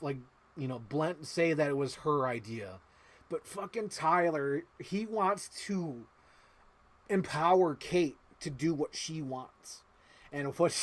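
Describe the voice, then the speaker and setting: Excitable, cursing man recapping a movie. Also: on the high side. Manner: excitable, swears freely, gets emotional. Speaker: livestream movie reviewer.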